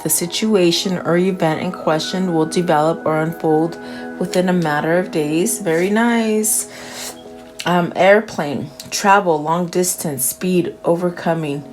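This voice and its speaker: A woman with a lowish voice gives a casual tarot reading at a very slow, musing pace. She murmurs her questions to the cards and then reads their messages aloud. Soft music plays clearly underneath. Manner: unhurried and musing, with soft fillers. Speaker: tarot reader. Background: background music.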